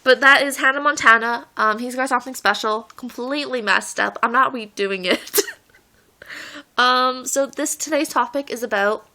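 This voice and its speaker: Teenage girl, bright voice, a little high, rambling vlog chat, giggles a lot. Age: late teens. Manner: giggly, rambling, laughs often. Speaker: vlogger. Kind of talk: casual storytelling vlog.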